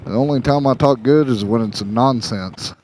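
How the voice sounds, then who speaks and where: A man's voice: mid-range voice, moderate pace, darkish tone, poor audio. A man, rambling and joking as he rides his motorcycle and vlogs. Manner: joking, chatty, wanders off topic. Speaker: motorcycle travel vlogger. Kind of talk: rambling chat while riding. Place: on a motorcycle on the road. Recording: engine and road noise. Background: motorcycle engine and traffic.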